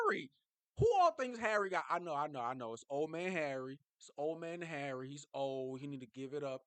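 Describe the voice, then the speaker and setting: A man talking casually and excitably as a football fan vlogger, jumping from low mutters to high yelps. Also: fairly quick, clear, resonant tone, no echo. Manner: animated, excitable, swings from low mumbling to high shouts.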